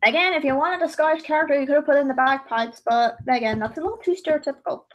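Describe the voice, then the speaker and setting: A young woman with a notably high voice chats casually during a livestream. She rambles from thought to thought and often breaks off mid-sentence to start again. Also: quick pace, muffled recording. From Ireland.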